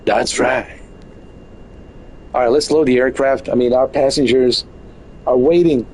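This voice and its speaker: A man's voice: medium pitch, steady tone, normal speed, dark tone, slight background noise, poor audio. A man giving casual, joking live commentary on a flight game from his bedroom, full of exaggerated mock complaints. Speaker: game streamer. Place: bedroom at home.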